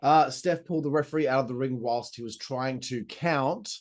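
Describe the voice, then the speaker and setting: A man's voice: mid-range voice, normal speed. A man, hosting a podcast and recapping a wrestling show in a chatty, enthusiastic way, swearing and throwing in asides. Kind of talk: casual recap commentary.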